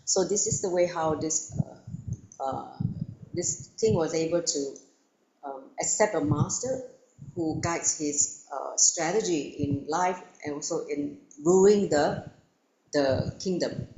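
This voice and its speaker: A woman spiritual teacher telling a story to listeners, animated and acting out parts, with frequent fillers. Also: low voice, slow. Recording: echoey room.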